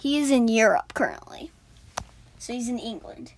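Woman telling a made-up story, fairly high voice, rambling, lots of fillers. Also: animated, normal speed, slight background noise. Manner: rambling, many fillers and restarts. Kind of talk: improvised storytelling.

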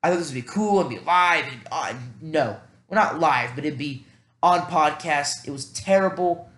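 A man talks through a casual solo podcast, rambling and thinking out loud, full of fillers and self-mocking asides. His voice sits a bit high, and the room rings with echo. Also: lively intonation, normal speed. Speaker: podcast host.

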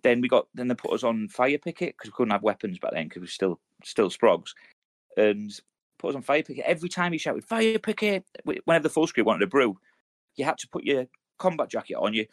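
A man's voice: mid-range voice, lively intonation, brisk. A man, an ex-soldier co-hosting a podcast, telling sweary stories in casual chat and acting out quotes. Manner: sweary storytelling, acts out quotes.

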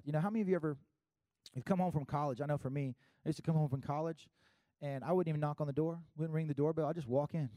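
A man from South Carolina preaching in an easygoing, conversational way, tossing in fillers and little laughs as he talks. His voice sits a bit high for a man yet sounds mellow and dark in tone. The sound is dry and close, with no room echo. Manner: conversational and animated, many fillers and quick laughs. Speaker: pastor. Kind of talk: sermon.

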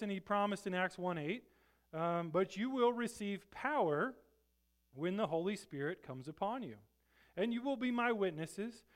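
High-voiced man preaching a casual sermon. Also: smooth. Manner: conversational, emphatic preaching with sudden loud bursts; casual slang, rhetorical "right?" asides. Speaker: pastor.

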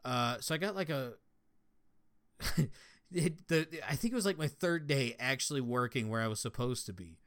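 A man's voice: mid-range voice, lively intonation, normal speed, fairly bright tone. A young man from Colorado telling stories in casual podcast chat, swearing freely and laughing as he talks. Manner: profane, laughing storyteller. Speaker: podcast guest, former prison guard.

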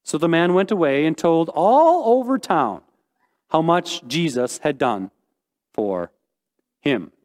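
Animated pastor preaching in an echoey hall. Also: male voice, takes it slowly, long pauses. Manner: animated and joking, with sudden high-pitched exclamations. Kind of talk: sermon.

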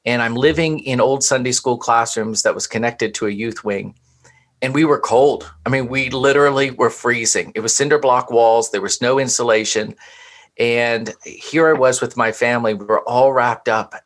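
A man from Florida, a pastor, tells personal stories in an earnest, preacherly way. His voice sits at an ordinary middle pitch, and he builds each point like a short sermon. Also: fairly even intonation, moderate pace, fairly bright tone. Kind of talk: personal testimony in conversation.

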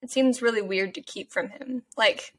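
A woman's voice: fairly high pitch, normal speed. A woman co-hosting a casual chat, reacting with emotion and laughter and raising questions. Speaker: podcast co-host.

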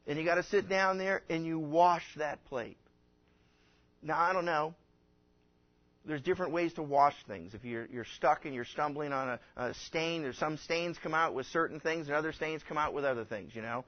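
Folksy pastor preaching, lo-fi sound. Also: male voice, on the high side, moderate pace. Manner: folksy, rambling, acts out quoted people. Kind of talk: conversational sermon. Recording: dull lo-fi recording.

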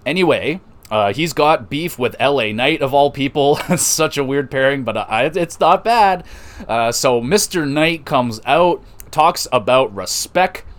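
A man hosting a podcast, recapping wrestling matches in a loose, excitable way, swearing and laughing often. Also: mid-range voice, a little slow. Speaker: podcast host reviewing wrestling. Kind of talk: casual recap.

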